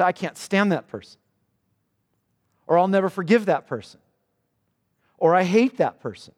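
A man preaching a sermon in earnest. His pitch rises for questions and drops low and slow for solemn passages. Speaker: pastor. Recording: long reverb of a church hall.

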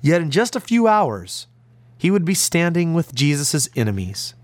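An American man preaches with deep conviction, his voice climbing high and then dropping low and soft. His pitch sits a little above the usual for a man. The sound is close and dry, with no room echo. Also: sing-song, normal speed. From United States. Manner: earnest, emphatic preaching with big pitch swings. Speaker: pastor. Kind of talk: radio sermon.

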